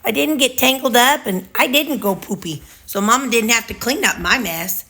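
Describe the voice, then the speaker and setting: A sweet little pet dog in a home video, chattering in childlike baby talk about how good he was, as his owner puts him on. The voice sits a bit high and sounds bright and sharp. He boasts proudly while wearing out on his little legs. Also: moderate pace. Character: sweet small male dog, proud and easily tired.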